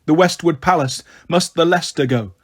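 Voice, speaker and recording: A man voicing a possessed girl who chants a prophecy in a deep, neutral monotone, read slowly in an audiobook. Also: close to an everyday voice. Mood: solemn chanting.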